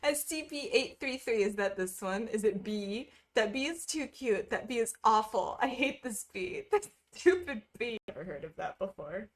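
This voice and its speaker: A woman's voice: a little high, big pitch swings, normal speed, hardly any pauses. A woman streaming casually, chatting with viewers while she stitches, full of wry asides and frequent laughter.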